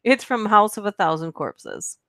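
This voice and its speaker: A woman's voice: medium pitch, huge pitch swings, unhurried, gravelly, a bit bright, dry recording. A woman hosting a casual livestream, chatting playfully with her viewers and laughing often. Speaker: livestream host. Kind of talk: casual live chat, reading movie quotes aloud.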